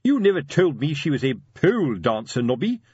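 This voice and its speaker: A man's voice: a little high, very animated, moderate pace, slightly rough, no echo, dull audio, voice pushed up. A man voicing a pompous, lecturing middle-aged police sergeant who talks in a fussy, hesitant way. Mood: wailing.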